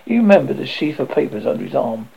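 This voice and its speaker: A man narrating a comic fantasy novel with a lively, expressive reading. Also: mid-range voice, fast, vocal fry, a little hiss or hum, low-quality recording. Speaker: audiobook narrator.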